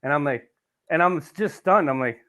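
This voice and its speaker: A man's voice: on the high side, a little fast, bright, forceful tone, clean tone, lo-fi sound. A man hosting a casual podcast, telling a rambling, profane story with lots of asides. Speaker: podcast host.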